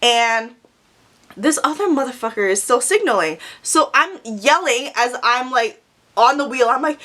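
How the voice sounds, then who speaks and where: A young woman telling a storytime vlog in an animated, profane, dramatic way. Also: sits high, normal speed. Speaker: vlogger.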